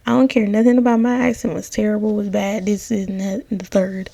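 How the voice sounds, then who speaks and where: A young woman narrates her gameplay in a sassy, slangy, dramatic voice, calling out to her viewers. Her voice is low-toned for a woman yet slightly high, dark and gravelly. She talks slowly into a close mic in a dry, dead room. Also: no echo. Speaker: gaming content creator. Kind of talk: casual gameplay voiceover commentary.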